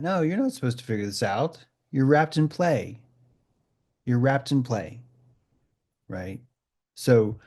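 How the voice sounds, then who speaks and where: A man's voice: mid-range voice, a little mellow. A man in a casual group discussion, talking intensely with lots of swearing and acting out quoted voices. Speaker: discussion participant.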